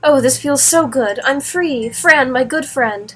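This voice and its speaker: A woman's voice: high voice, a little slow, slightly rough. Devoted talking cat, voiced by a woman. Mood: warm. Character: talking cat, affectionate but wary.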